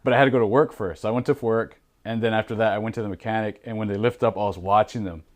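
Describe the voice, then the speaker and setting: Low-voiced man rambling through a story. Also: fairly even intonation, rapid-fire. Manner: rambling storyteller, fillers, acts out his own past lines. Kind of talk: casual podcast chat.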